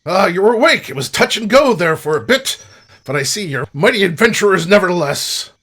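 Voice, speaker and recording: A man's voice: high voice, animated, a little fast, fairly bright tone, slightly rough, voice pushed up, exaggerated voice. A man voicing a roguish hooded human man who talks in a thick put-on accent, hearty and effusive. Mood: welcoming.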